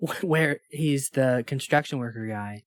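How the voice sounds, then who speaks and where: A man's voice: medium pitch, unhurried, no room sound, clean studio sound. A man co-hosting a podcast, chatting casually and reading movie quotes aloud with relish, laughing often. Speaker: podcast co-host.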